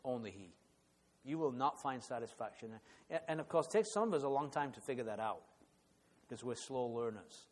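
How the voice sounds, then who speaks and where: A man's voice: medium pitch, fairly quick. Earnest man preaching in a reverberant hall. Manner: earnest, repeats words when building emphasis. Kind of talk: sermon.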